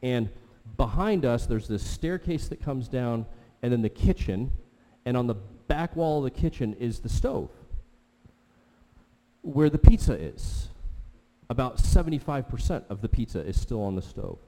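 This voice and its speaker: A male pastor preaching a sermon in a big hall, his words ringing out with a long reverb. His voice is very dark and mellow. He tells his story with animated swings between quiet talk and loud exclamations. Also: mid-range voice, moderate pace.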